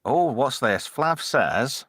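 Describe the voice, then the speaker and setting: A man's voice: medium pitch, big pitch swings, takes it slowly, a bit bright, no echo, clean studio sound. A middle-aged man hosting a casual live stream, swearing freely and teasing his co-hosts. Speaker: host.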